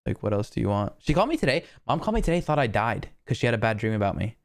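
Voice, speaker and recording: A man's voice: on the low side, big pitch swings, racing, gravelly. A young man, co-host of a podcast, teasing and telling stories with quoted voices in casual banter. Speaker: podcast co-host, older brother.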